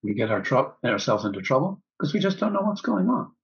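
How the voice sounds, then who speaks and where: A man teaching a breathwork class, calmly guiding the breath and repeating key phrases. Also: medium pitch, fairly quick, highs cut off.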